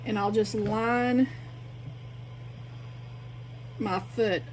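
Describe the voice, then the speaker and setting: A woman's voice: mid-range voice, a little slow, a little mellow, slight background noise. A woman, chatting casually and thinking aloud to her viewers while she shows her sewing in a home sewing room. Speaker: sewing vlogger.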